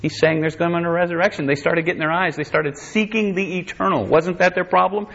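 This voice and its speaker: This Bible teacher's voice is on the high side, a bit bright and creaky, with fairly even intonation and a quick pace. He reads King James scripture aloud and explains each verse plainly, often restarting and self-correcting. The audio is dull and lo-fi.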